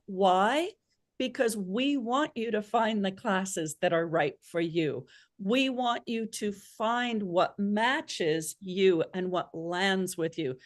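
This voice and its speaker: A woman's voice: mid-range voice, expressive, slow pace. An American woman hosting a live online class, upbeat and encouraging, playfully drawing out her guest. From United States. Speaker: host.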